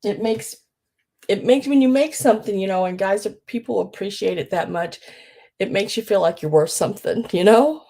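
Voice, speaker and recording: A woman hosting a live online sale, tearful and crying as she talks, emotional and grateful, halting between her words. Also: mid-range voice, dark tone. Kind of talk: live-streamed auction chat.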